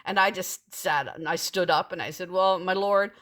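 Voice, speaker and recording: A middle-aged woman telling her own story in a casual, cheeky and irreverent way, with lively animated delivery. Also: on the low side, normal speed.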